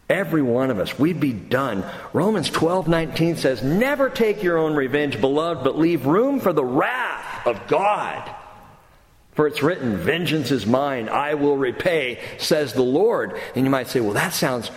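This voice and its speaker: A man preaching a sermon as pastor, reading scripture slowly and building to emphatic, lively bursts. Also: medium pitch. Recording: roomy hall with long reverb.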